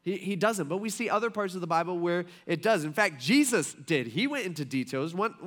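A man's voice: high voice, lively intonation, fairly quick. A man in his thirties, a pastor, preaching a casual, conversational sermon full of folksy stories and asides. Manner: chatty, folksy storytelling with many fillers and asides.

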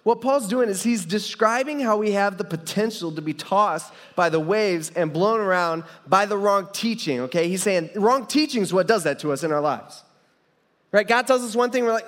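A young man with a fairly high voice preaches in a casual, rambling way, stopping and restarting as he tells a story. His voice carries a long reverb, like a large church hall. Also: normal speed, a bit bright. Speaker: pastor. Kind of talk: sermon with personal story.

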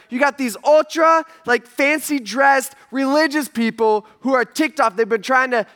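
A man's voice: very high voice, measured pace, few pauses, fairly bright tone, soft background music. A man preaching a sermon in a conversational way, asking the audience questions and building to emphatic passages. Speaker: pastor.

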